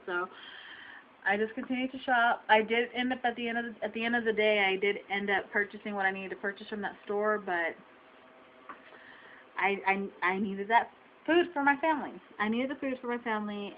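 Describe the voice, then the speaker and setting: A woman's voice: medium pitch, a little hiss or hum. A young woman venting to her viewers, upset and close to tears, repeating herself and firing off rhetorical questions. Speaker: vlogger. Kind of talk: emotional venting to camera. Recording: dull lo-fi webcam audio.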